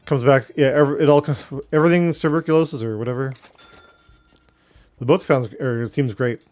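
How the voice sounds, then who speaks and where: A man's voice: mid-range voice, moderate pace, darkish tone. A young man streaming a game live, chatting casually with his viewers and reacting as he plays. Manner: chatty, reacting and talking to chat while playing.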